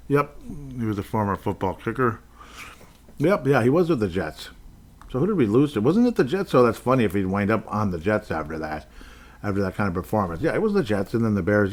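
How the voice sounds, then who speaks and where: Rambling low-voiced man hosting a podcast. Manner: rambling, often correcting himself. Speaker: podcast host. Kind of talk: casual solo sports podcast talk.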